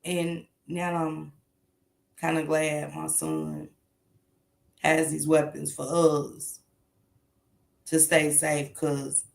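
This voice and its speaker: A woman's voice: sits low, vocal fry, echoey room. A woman hosting a casual morning commentary show, talking bluntly and emphatically with plenty of swearing.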